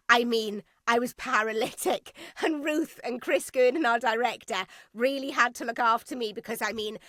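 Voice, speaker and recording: A woman in her forties recounts an emotional story in a podcast interview. Her voice sits a little high and sounds bright, with a dry, close studio sound. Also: dry recording. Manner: emotional, animated anecdote with quoted asides. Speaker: guest actress. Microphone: podcast studio mic.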